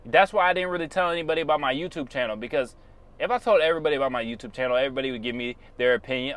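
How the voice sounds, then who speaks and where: Man, mid-pitched voice, blunt, preachy, slangy, casual motivational monologue. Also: very fast, a bit bright. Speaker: YouTuber.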